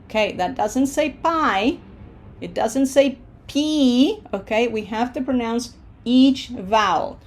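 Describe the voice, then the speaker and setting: A woman's voice: fairly high pitch, slow pace. A woman teaching a Spanish pronunciation lesson, patiently drilling syllables and checking in with frequent questions.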